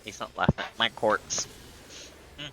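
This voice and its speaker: A man's voice: fairly low pitch, moderate pace, pushed and bright, slight background noise. A man streaming a game live, playfully taunting enemies and chatting to viewers. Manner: playful, talks to enemies and chat.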